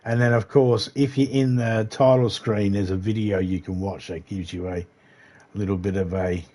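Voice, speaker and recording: Deep husky Australian man, laid-back gamer. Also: steady tone, moderate pace, mellow. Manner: rambling, laid-back, swears casually. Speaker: gaming livestreamer. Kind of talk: casual gameplay commentary.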